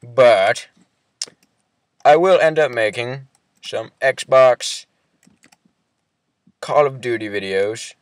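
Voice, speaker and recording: A man's voice: mid-range voice, expressive, extremely slow, pauses often, no room sound. A man hosting a casual gaming chat, teasing his friend and talking in a put-on accent. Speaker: host.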